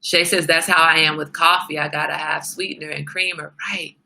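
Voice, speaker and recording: A woman's voice: low voice, steady tone, fairly quick, gravelly, pushed and bright. A woman hosting a casual livestream, chatting straight to her viewers. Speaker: livestream host.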